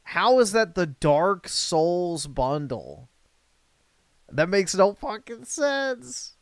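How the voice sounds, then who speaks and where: A man's voice: high voice, sing-song, drawn-out words, dry recording, clean studio sound. A man livestreaming, reacting to a video with crude, mocking, sweary casual commentary.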